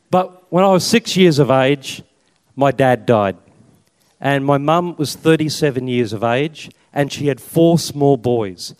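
A man's voice: medium pitch, a little mellow, smooth. An Australian Catholic priest in his fifties giving a chatty personal testimony with slides and self-mocking humour. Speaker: Catholic priest and army chaplain. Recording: long reverb in a hall.

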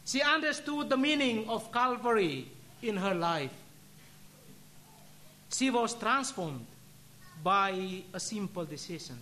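A religious brother giving a solemn sermon, telling a story and ending in prayer with measured, deliberate delivery. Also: male voice, high voice, animated, sharp tone.

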